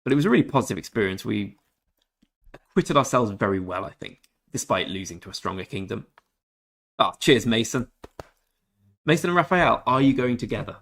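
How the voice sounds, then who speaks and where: A man's voice: mid-range voice, lively intonation, brisk, long pauses, a bit bright. A laid-back young Englishman streaming a game and chatting with viewers in a jokey, easygoing way. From England. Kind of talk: casual livestream chat with viewers.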